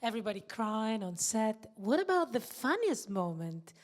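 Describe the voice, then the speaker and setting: Lively woman with a bright, high voice. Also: moderate pace. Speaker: journalist asking a question. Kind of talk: audience question.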